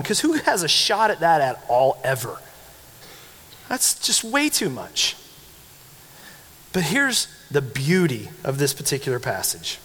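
A man preaching a sermon as pastor, telling stories with animated, acted-out quotes. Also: fairly high pitch, in a large hall. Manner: animated storytelling, acting out quoted voices.

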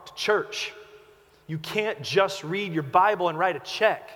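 A pastor preaching a sermon with emphatic delivery, swinging between loud urgent lines and quiet hushed ones. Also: male voice, high voice, measured pace, in a large hall.

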